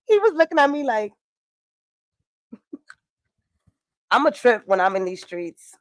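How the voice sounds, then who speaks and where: A woman's voice: mid-range voice, sing-song, unhurried, long pauses, no echo. Young woman w/ doing a loose tarot reading, chatty, cusses a lot, dry close mic. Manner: chatty, swearing, laughing asides. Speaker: tarot reader. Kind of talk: casual astrology and tarot reading.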